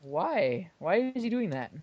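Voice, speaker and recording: A man's voice: high voice, big pitch swings, unhurried, a little mellow, dry recording. A young man co-hosting a casual podcast over an online call, laughing easily and giving short replies. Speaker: podcast co-host. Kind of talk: casual chat. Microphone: computer mic on an online call. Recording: dry, dull lo-fi online call.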